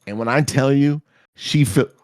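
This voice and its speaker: A man hosting a podcast, telling a story in a casual, profane way and jumping into high-pitched reactions. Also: moderate pace, a little mellow, dry recording, clean studio sound. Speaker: podcast host.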